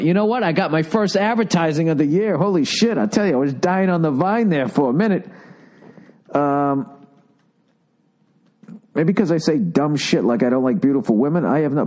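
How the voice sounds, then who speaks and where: Animated, profane middle-aged man ranting. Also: a little high, fairly quick. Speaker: podcast host. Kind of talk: comedic rant.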